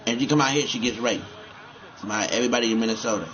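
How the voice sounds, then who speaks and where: A man's voice: mid-range voice, racing, fairly bright tone, dull audio. A man rambling and cursing as he comments on a game he is playing, often repeating himself. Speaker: gamer.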